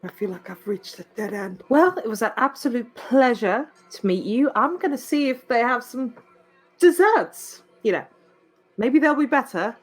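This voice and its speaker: A woman's voice: a little high, expressive, moderate pace, slightly rough. A woman playing a tabletop game, chatting politely in character and asking the game master questions. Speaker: player.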